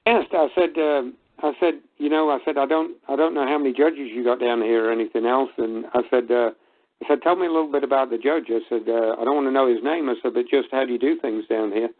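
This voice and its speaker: A man's voice: medium pitch, quick pace. Man retelling a chat over a phone line. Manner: retells conversations with lots of "I said". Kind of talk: casual phone conversation. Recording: tinny phone-line audio.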